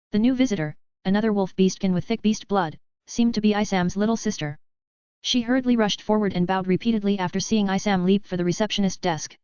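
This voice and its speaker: Female light-novel narrator with a steady read; crisp, dry, close recording. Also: medium pitch, a little fast, dry recording. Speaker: audiobook narrator. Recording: dry, slightly dull lo-fi.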